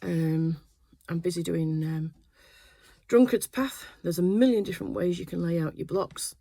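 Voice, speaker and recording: A woman's voice: lowish voice, fairly even intonation, normal speed, vocal fry, mellow, no room sound. An older woman chatting casually in her sewing room, telling a rambling family story full of fillers. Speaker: quilting vlogger. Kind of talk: casual chat.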